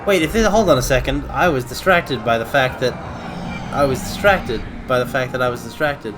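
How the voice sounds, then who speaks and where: A man streaming a video game, rambling casually and breaking into quick exclamations. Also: medium pitch, over music. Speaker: livestreamer playing a video game. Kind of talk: casual gameplay commentary.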